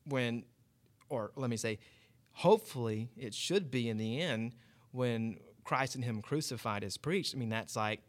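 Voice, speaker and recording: A man's voice: medium pitch, a little slow. A man in casual talk-show chat, often stammering and restarting, with a joking edge.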